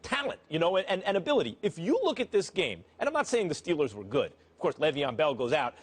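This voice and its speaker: A man on a studio sports panel, laying out his argument in measured steps. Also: fairly high pitch, very animated, husky. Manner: measured, builds an argument step by step. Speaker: sports analyst. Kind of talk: sports debate analysis. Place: television studio.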